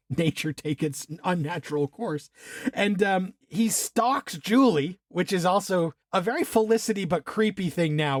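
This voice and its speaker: A man co-hosting a podcast, casually talking through a film, animated, laughing and swearing as he acts out scenes. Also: a little high, no echo, clean studio sound. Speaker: podcast co-host.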